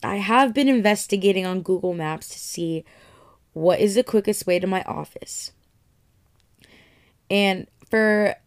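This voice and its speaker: A woman's voice: medium pitch, vocal fry. A young woman telling a casual, profane story, acting out her own reactions as she goes.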